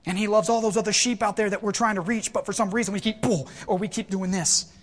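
A man preaching a sermon to his congregation, animated and acting out worried inner voices. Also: sits high, quick pace, long reverb tail. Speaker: pastor.

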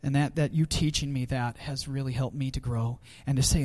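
A man's voice: medium pitch, fairly even intonation, brisk, darkish tone. A youth pastor, a man, giving a heartfelt farewell tribute at a church gathering, choked up with emotion and laughing nervously.

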